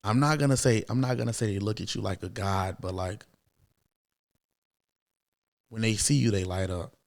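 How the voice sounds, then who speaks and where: A man in his thirties, a podcast guest, telling a personal story in a casual, animated way. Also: on the low side, normal speed, creaky. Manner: animated, acts out quoted voices, many fillers.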